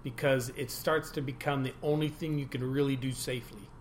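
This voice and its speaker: Halting, joking older man. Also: medium pitch, fairly even intonation, slight background noise. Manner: self-deprecating, halting, with many restarts. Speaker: podcast co-host. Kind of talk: casual chat, joke telling.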